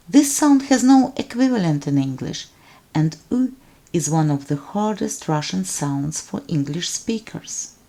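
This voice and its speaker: A woman teaching alphabet pronunciation, speaking deliberately and enunciating each sound so it can be repeated. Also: mid-range voice, mellow. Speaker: language teacher. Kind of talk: slow instructional narration.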